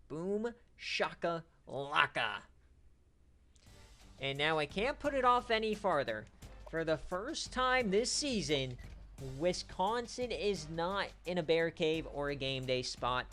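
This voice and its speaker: Excitable man calling sim games on stream. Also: a little high. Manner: excitable, trash-talking, casual slang. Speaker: online dynasty league streamer. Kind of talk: live-stream sports commentary.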